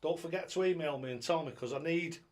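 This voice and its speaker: A man's voice: on the high side, fast talker. A man hosting a casual live stream, rambling along in a chatty way and greeting viewers by name, recorded on a tablet at home. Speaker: live-stream host and darts coach.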